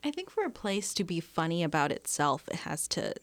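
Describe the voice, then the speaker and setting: A woman's voice: fairly low pitch, sing-song, a little fast, no room sound. A young woman in a casual panel chat who speaks thoughtfully and laughs as she tells stories. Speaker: panel guest.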